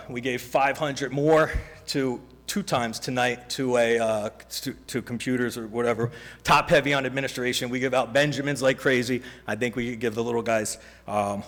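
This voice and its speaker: A man giving a rambling, joking public comment at a council meeting, halting often with fillers. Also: mid-range voice, fairly bright tone. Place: council chamber. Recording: reverberant council chamber.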